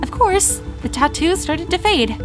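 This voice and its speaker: High-voiced young woman telling a dramatic story. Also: expressive, measured pace, over music. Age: young adult. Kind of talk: first-person storytime narration.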